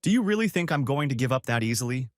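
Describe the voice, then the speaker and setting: A man reading the lines of a scheming, ambitious young male student mage in a storybook recap, with lively, swinging intonation. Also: medium pitch, quick pace, no echo, studio quality, close to an everyday voice.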